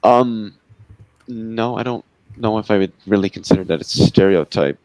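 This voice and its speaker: Guy hemming and hawing then cussing, lowish voice, dry close sound. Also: normal speed, darkish tone, dry recording, low-quality recording. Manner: hesitant, blunt, swears. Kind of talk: casual debate chat.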